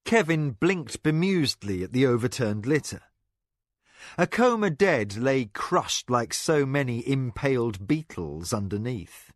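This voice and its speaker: A man narrating a fantasy novel in an expressive, dramatic reading. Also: medium pitch, a little slow, no room sound, clean studio sound. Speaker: audiobook narrator. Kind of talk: scripted narration.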